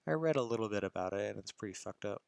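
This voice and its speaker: A young man narrates a visual novel in the first person, in a fairly low voice. He reads casually, tripping over words and restarting lines as he goes. The sound is dry and close to the mic. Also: animated, very fast, creaky, darkish tone, clear, resonant tone, no room sound. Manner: casual, stumbling reading with restarts. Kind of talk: amateur visual novel reading.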